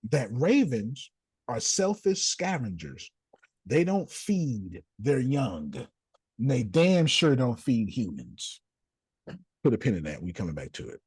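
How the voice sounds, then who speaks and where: A man teaching in a preaching style, animated, repeating phrases and calling listeners by name. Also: mid-range voice, takes it slowly, slightly rough, no echo. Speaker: host and teacher.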